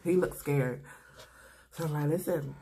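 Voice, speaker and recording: A young woman with a low-pitched voice tells a story on camera in a loose, slangy way, talking straight to her viewers between bites. A faint hiss of background noise sits under her voice. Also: normal speed. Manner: animated, slangy storytelling with laughs. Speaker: mukbang vlogger. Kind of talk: casual storytime while eating.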